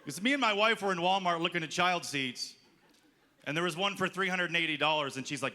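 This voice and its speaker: A man's voice: high-pitched, brisk, sharp tone. A man doing a stand-up comedy set on a festival stage, telling a story and acting out the lines of the people in it. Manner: storytelling, acts out quoted lines. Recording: live club with crowd and noise. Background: audience laughing.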